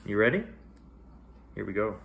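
A man reading a children's bedtime story aloud in a gentle, expressive way, with sing-song rises and hushed drops. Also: on the low side, moderate pace, vocal fry.

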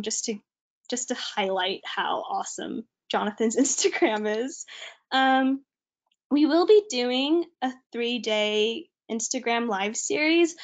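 A young woman from California with an American accent, giving a chatty, informal online presentation as a student. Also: on the high side.

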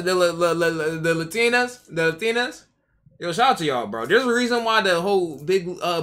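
A man's voice: a little high, fairly bright tone. A man streaming a casual reaction to a video, slangy and rambling, repeating himself often.

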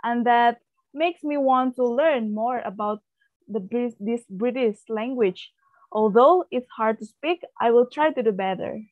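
A woman's voice: on the high side, unhurried, no echo. Eager woman on a tinny line. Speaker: English learner. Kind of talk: reading a prepared answer. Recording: tinny phone-like recording.

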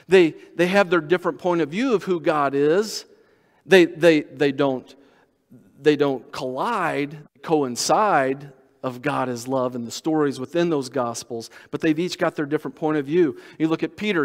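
A man preaching a sermon as pastor, reading scripture aloud and slowing down to stress key words. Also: on the high side, big-room sound. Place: church sanctuary.

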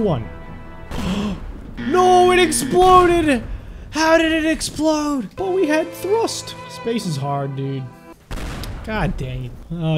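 A young man commentating on his own gameplay, excitable and yelping when things go wrong. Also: a little high. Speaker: gaming YouTuber. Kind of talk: game commentary.

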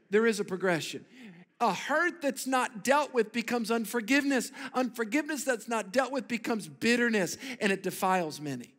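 Pastor, male, high-pitched, fervent sermon delivery with call-and-response, long hall reverb. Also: a bit bright. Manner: emphatic preaching, calls on the congregation to repeat words. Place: church sanctuary.

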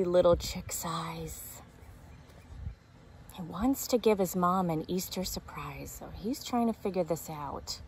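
Slow, breathy woman reading to little kids. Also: fairly low pitch. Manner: asks young listeners questions, explains gently. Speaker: teacher reading to preschoolers. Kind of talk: picture-book read-aloud.

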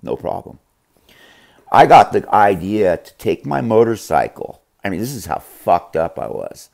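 A man telling a rambling, profane story in a casual, animated way. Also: fairly low pitch, measured pace, gravelly. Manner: profane, rambling, animated, acts out others' voices.

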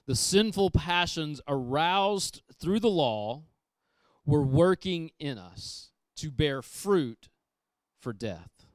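A man preaching a sermon, emphatic and repetitive, moving from loud passages down to hushed ones. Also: a little high, animated, slow pace, dry recording, studio quality. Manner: emphatic, repeats phrases, shifts from loud to hushed. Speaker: pastor. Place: church sanctuary.

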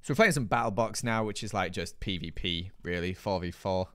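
Brief: British male streamer, playful chatty banter, reads comments, a bit low-pitched. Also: a little fast, clear, resonant tone. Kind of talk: live gaming stream, reading chat aloud.

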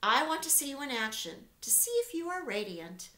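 A woman voicing a wise, kind female spider who speaks gently but firmly, recorded with a roomy echo. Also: sits high, very animated, moderate pace, voice pushed up, exaggerated voice. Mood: commanding.

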